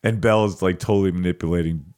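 A man's voice: low voice, steady tone, quick pace, darkish tone, clear, resonant tone. A man co-hosting a local news podcast, chatting casually and joking around with his co-host. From United States. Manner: joking, quotes movie lines, laughs often. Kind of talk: casual banter.

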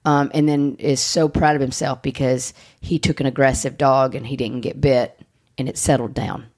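A woman's voice: extremely low pitch, little pitch movement, moderate pace, darkish tone. A woman hosting a podcast, chatting casually, blunt and joking, swearing freely. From United States. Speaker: podcast host. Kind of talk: casual chat.

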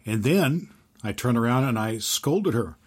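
A man hosting an inspirational podcast, giving an earnest faith-based teaching and telling stories, slowing down to stress key phrases. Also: mid-range voice, lively intonation. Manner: earnest, with slowed emphatic phrases and storytelling. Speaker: podcast host and Christian teacher.

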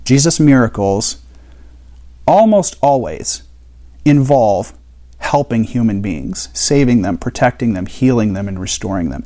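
A man's voice: medium pitch, mellow. Male Bible teacher, mid-range voice, casual explanatory delivery with rhetorical questions.

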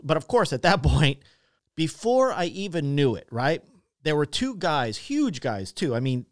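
A man telling a personal story as host of his own podcast. He talks casually and swears freely, with a voice a touch higher than most men's. He acts out the people he quotes, recorded close and dry. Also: no echo. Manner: animated, profane, acts out shouted quotes.

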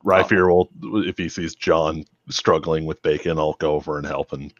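Very deep-voiced man at the game table. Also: fairly even intonation, moderate pace, no room sound. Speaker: player. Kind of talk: casual tabletop play. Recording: dull muffled sound.

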